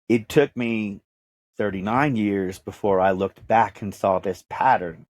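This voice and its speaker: Being interviewed, this Dallas-born podcast host in his fifties shares his life story candidly, with a Texan accent, earnest emphasis, and repeated phrases. His voice is on the low side and a little mellow, recorded dry in studio quality.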